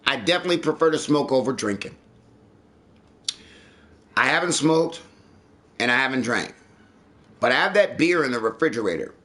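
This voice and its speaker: A man's voice: medium pitch, expressive, moderate pace, pauses often, pushed and bright. A man streaming live, chatting casually and ranting with lots of swearing. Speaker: livestreamer. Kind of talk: casual livestream chat.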